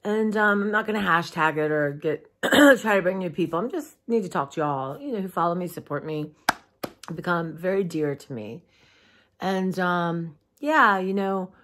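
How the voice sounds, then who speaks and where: A woman's voice: fairly low pitch, fairly bright tone. Tired woman talking to followers. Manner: tired, heartfelt, rambling with many fillers. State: tired, allergies, clearing throat. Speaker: vlogger. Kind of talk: casual personal vlog. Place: dim room at home.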